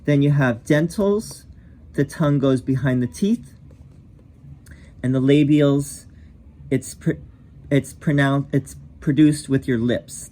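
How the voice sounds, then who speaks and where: A man's voice: mid-range voice, slow pace, long pauses, dark tone. A man teaching as a yoga teacher, explaining pronunciation patiently, correcting himself and saying each sound aloud.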